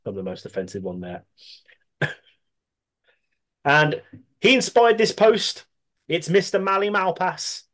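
A man's voice: high-pitched, wildly swooping pitch, slow pace, long pauses, fairly bright tone. A man with a Brummie accent, co-hosting a podcast, reading out listener submissions with frequent laughter and casual swearing. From Birmingham, England. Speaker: podcast co-host.

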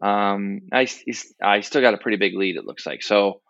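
A man's voice: on the low side, normal speed, vocal fry, a bit bright. A man co-hosting a racing podcast from a hotel room over a remote call, chatty and ribbing, with loose fillers. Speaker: podcast co-host. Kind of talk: casual chat about motorcycle racing. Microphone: remote call with a dropping connection. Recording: dull lo-fi call audio.

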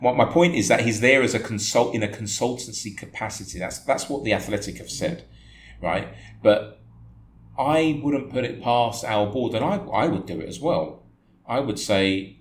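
A man's voice: mid-range voice, normal speed. A man co-hosting a football podcast in casual chat, joking and laughing as he riffs. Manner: laughing, animated when joking. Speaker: podcast co-host. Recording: echoey room with faint noise.

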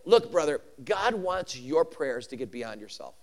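A man preaching a sermon with swings from shouting to hushed asides and laughs between points. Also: on the high side, very animated, unhurried, hardly any pauses, some chatter behind.

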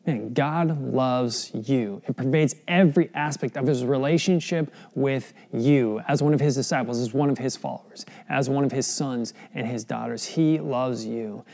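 Earnest gravelly-voiced male preacher. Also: medium pitch, steady tone, moderate pace, few pauses, darkish tone. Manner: earnest, conversational preaching with rhetorical questions. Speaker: pastor. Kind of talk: sermon.

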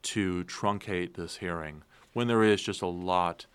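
A man with a very deep voice speaks as a guest in a political interview. He is measured and analytical, often restarting and repeating words as he works through a point. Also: steady tone, clear, resonant tone. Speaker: guest commentator.

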